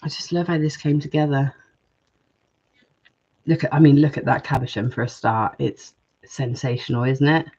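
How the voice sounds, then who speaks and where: A woman's voice: rumbling low, steady tone, moderate pace, long pauses, mellow, slightly rough, muffled recording. A woman hosting a live jewellery-making stream, chatting casually and reading viewer comments aloud.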